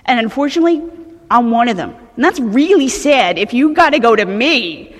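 A woman's voice: fairly high pitch, lively intonation, normal speed, long reverb tail. A woman in her thirties with a New Jersey accent, speaking bluntly and animatedly at a recovery meeting, swearing and restarting her sentences. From New Jersey, USA. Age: 30s.

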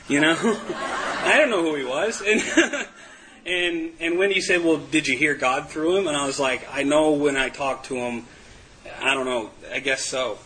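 A man's voice: medium pitch, pushed and bright, a little hiss or hum, poor audio. A man giving a candid, self-mocking personal testimony to a group, laughing often. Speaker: recovery meeting speaker.

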